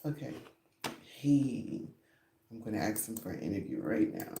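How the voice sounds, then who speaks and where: A woman's voice: extremely low pitch, very animated, moderate pace, gravelly, warm tone, reverberant. A woman hosting her own podcast, chatting casually and rambling, often breaking into giggles. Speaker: podcast host. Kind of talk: casual chat.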